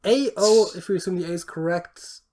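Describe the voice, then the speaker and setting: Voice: medium pitch, a little fast, warm tone. A podcast co-host in casual chat, rambling and thinking aloud through word guesses, with plenty of fillers and some swearing.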